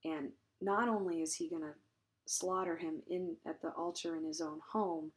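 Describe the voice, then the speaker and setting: A woman with a slightly low voice explains a Latin passage line by line. She thinks aloud, pausing on ums and correcting herself as she goes, with a dry wry edge to her asides. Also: steady tone. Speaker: Latin teacher. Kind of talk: recorded translation lesson.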